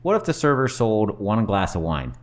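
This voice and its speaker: A man co-hosting a restaurant podcast who tells stories from experience in a rapid, self-deprecating way. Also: on the low side, sing-song. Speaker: podcast co-host, hospitality teacher. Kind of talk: casual podcast chat.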